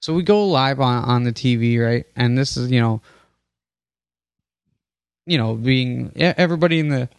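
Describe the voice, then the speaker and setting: A man's voice: mid-range voice, no room sound, clean studio sound. A young man telling a long comic story on a podcast, rambling with many fillers, restarts and swearing. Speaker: podcast host.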